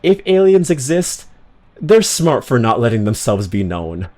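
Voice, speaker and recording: A man's voice: mid-range voice, big pitch swings, measured pace, a little mellow. Slangy, rambling man streaming a game. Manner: rambling, slangy, swears, self-mocking. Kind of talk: casual gaming commentary.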